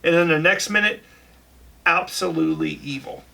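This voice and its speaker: A man's voice: a little high, normal speed, vocal fry, sharp tone. A man hosting a casual podcast chat, laying out what he has researched at length. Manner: researched, tells facts at length. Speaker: podcast host.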